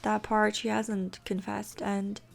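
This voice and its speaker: A woman's voice: mid-range voice, little pitch movement, slow, vocal fry, faint music behind. Rambling woman narrating a game story. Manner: rambling, full of fillers. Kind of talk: casual storytelling over gameplay.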